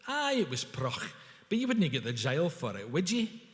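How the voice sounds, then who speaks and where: A man's voice: fairly high pitch, wildly swooping pitch, moderate pace. A man voicing a sly older Ayrshire man with a Scots accent, muttering to himself in an echoey hall.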